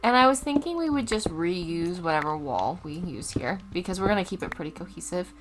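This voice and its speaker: A woman's voice: fairly low pitch, expressive, a little fast, background noise. A young woman casually commenting on her gameplay as a Let's Play host, chatty and easily distracted. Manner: chatty, easily distracted, loud startled outbursts.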